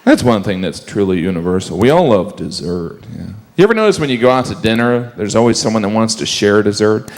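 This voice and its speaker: A man doing a stand-up comedy set on a live stage, deadpan, slipping into mocking put-on voices. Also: lowish voice, a little fast, hardly any pauses. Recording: live stage mic with audience noise.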